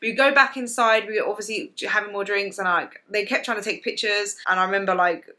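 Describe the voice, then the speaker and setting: A woman's voice: mid-range voice, fairly even intonation, a little fast, pushed and bright. A young British woman telling a personal story to camera in a casual, emotional way, full of "like" fillers. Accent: British English. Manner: emotional, confiding, lots of "like" fillers. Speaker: vlogger.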